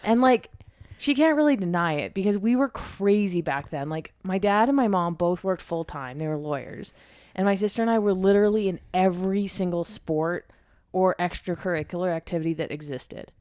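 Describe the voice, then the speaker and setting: A woman hosting a podcast, chatting candidly and poking fun at herself, often trailing off quietly. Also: fairly low pitch, expressive, normal speed, dry recording, clean studio sound. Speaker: podcast host. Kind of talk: casual chat.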